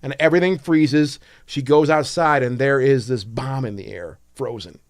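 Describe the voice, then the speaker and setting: A man co-hosting a film podcast, telling a story with lively acted-out quotes and casual swearing. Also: medium pitch, moderate pace, no room sound, studio quality. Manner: animated storyteller, acts out quotes, swears freely. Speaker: podcast co-host. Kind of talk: casual chat.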